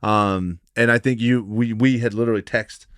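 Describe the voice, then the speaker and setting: A man hosting a podcast, relaxed and casual, asking questions and saying dude often. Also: fairly low pitch, normal speed, clean tone, no echo, studio quality. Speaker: podcast host. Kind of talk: casual chat.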